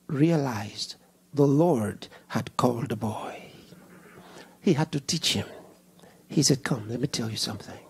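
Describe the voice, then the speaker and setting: A male pastor preaching a sermon, swinging from loud rhetorical questions to hushed whispers and repeating key lines with slow, deliberate emphasis. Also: sits high, husky. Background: congregation answering and laughing.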